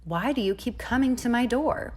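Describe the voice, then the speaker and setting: A woman voicing a fussy little rosebud girl who wants peace and quiet, speaking indignantly in a storybook read-aloud. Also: a little high, expressive, normal speed, voice pushed up. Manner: indignant, emphatic.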